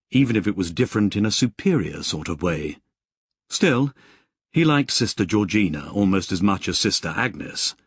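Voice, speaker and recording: Husky, low-voiced male storyteller. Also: dry recording, studio quality. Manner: expressive storytelling. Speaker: audiobook narrator. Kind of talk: scripted narration.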